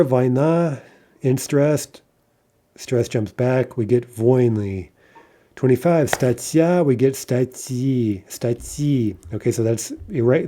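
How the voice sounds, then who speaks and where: A man's voice: mid-range voice, dark tone. A man teaching an online language lesson, going through examples one by one and checking in with the listener. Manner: methodical, checks in with "right?" and "okay".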